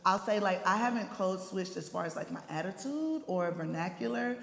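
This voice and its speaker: A woman's voice: medium pitch, expressive, moderate pace, gravelly, reverberant, long reverb tail. A young woman with an East Texas accent, speaking frankly and animatedly on a discussion panel. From Texas, USA.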